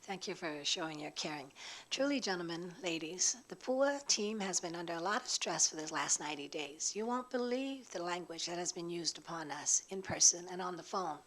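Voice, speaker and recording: A woman testifies at a legislative hearing as labor secretary. Her voice sits a little low and sounds hoarse from emotion. She speaks with impassioned conviction. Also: expressive, moderate pace, a bit bright. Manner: impassioned, speaking under stress.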